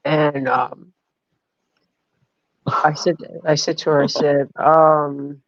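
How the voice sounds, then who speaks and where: Woman streamer, chatty rambling storyteller, gravelly voice, close and dry on a lo-fi stream mic. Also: deep voice, little pitch movement, takes it slowly, long pauses, no echo. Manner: rambling, full of fillers, reads chat aloud. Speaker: livestream host. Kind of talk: casual storytelling on a livestream. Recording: dull lo-fi stream audio.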